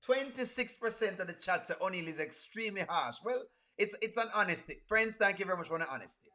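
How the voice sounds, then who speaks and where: A man chats on a livestream, bright and forceful in tone. His voice sits a little high, and he is playful and laughs easily while reading out chat messages. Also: animated, fast. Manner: playful, laughs often, reads chat aloud. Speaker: reaction streamer.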